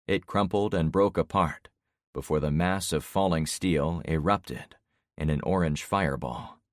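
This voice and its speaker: Male narrator, very low pitch, steady measured first-person storytelling, dead-dry booth. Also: no echo. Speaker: audiobook narrator.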